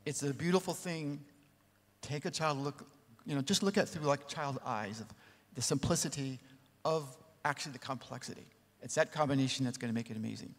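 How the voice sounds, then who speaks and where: A man who is a record producer telling a story on a panel, animated and full of lively asides. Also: medium pitch, fairly quick. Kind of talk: anecdotal panel talk. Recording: long reverb in a large hall.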